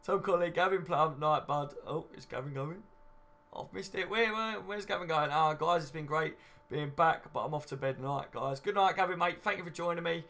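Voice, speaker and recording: A man's voice: fairly high pitch, normal speed, sharp tone. A man in his thirties hosting a casual live stream, chatting loosely and answering viewer comments with lots of ums and "you know what I mean".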